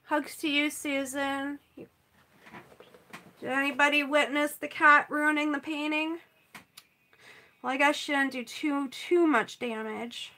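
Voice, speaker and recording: A woman's voice: high voice, steady tone, takes it slowly, long pauses, bright, forceful tone. A woman chatting casually on a livestream while she paints, sighing and pouting over a setback.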